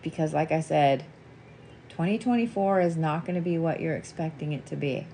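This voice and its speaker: A woman's voice: low voice, normal speed, warm tone, slight background noise. A woman giving a reiki and wax reading in a casual live chat. She swears freely, laughs often and reassures the listener by calling them sweetie.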